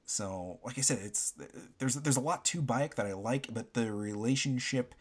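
A man's voice: medium pitch, normal speed, husky. Guy rambling about a game he played, lots of ums and restarts, regular mid voice. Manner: rambling, many fillers and restarts. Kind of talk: casual game review chat.

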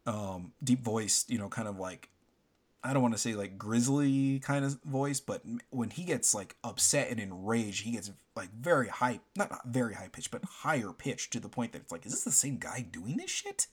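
A man's voice: medium pitch, moderate pace, breathy edge. A man chatting casually about a video game he played, rambling with lots of fillers and restarts. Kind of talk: casual game review chat.

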